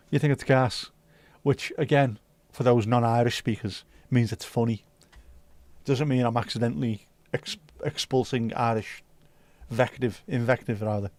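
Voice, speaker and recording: A man hosting a casual livestream, chatty and jokey, answering viewers as he goes. His voice sits at a middle pitch. The recording is dry, with no room echo. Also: steady tone, normal speed, a little mellow. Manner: chatty, jokey, reacting to chat. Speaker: livestream host.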